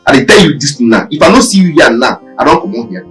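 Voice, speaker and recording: A jealous, quarrelsome village boyfriend, speaking in a Nigerian Pidgin accent. His scolding comes out fast and swings widely in pitch. He sounds set back from the mic, with film music underneath. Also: big pitch swings, fairly bright tone, distant mic, low-quality recording. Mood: angry. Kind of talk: Nollywood film acting.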